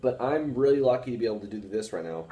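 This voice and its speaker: A young man with a baritone voice, rambling casually to camera with many fillers about reading and analyzing music. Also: animated, quick pace, dark tone, distant mic. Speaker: music student vlogger. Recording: echoey room with faint music.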